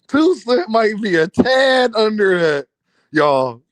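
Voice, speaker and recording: A boxing streamer from Philadelphia trades casual banter with his chat at his home setup, lively, profane and quick to laugh at his own jokes. The pitch runs high and varies a great deal, and the close, dry sound carries no room ambience at all.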